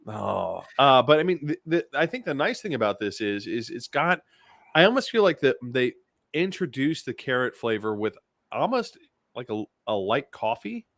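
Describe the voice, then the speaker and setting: A man's voice: medium pitch, very animated, moderate pace, creaky, a bit bright, no room sound. Guy co-host rambling about beer taste, mid voice, stumbles a lot, dry sound. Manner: hesitant, lots of restarts and fillers, descriptive. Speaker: podcast co-host. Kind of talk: casual chat, beer review.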